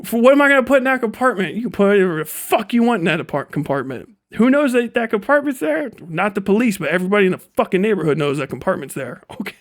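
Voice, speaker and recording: A man's voice: high voice, fast talker, hardly any pauses. A young man hosting a livestream, ranting casually with lots of swearing and laughter. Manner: profane, laughing, animated storytelling. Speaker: livestream host.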